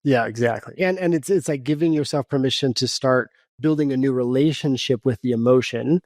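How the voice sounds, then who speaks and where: A man's voice: medium pitch, a little fast, darkish tone, dry recording, clean studio sound. A man coaching in a podcast interview, explaining step by step in an earnest tone and acting out his own inner dialogue. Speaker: guest coach.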